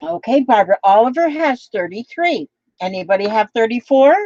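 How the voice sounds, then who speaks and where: Woman craft vlogger, chatty and rambling, slightly high voice, dry and dull home recording. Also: lively intonation, a little fast, darkish tone, no echo. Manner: rambling, chatty, many fillers. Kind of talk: casual chat.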